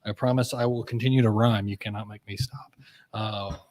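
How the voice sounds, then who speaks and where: A man's voice: fairly low pitch, fairly even intonation, brisk, darkish tone. A man hosting a podcast from a cigar lounge studio, chatting casually in a playful, teasing way. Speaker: podcast host. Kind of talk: casual chat.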